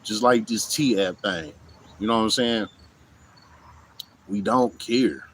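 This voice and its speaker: A man's voice: fairly low pitch, slow, a bit bright, slight background noise, rough recording. A man in a casual monologue to camera, blunt and profane, often saying "you know what I'm saying", recorded outdoors. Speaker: vlogger. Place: outdoors in hot weather.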